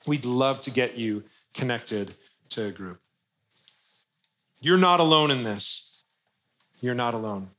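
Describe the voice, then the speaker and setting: Bright-voiced male pastor preaching. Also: medium pitch, a little hiss or hum. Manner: earnest, conversational preaching with light humor. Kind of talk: sermon.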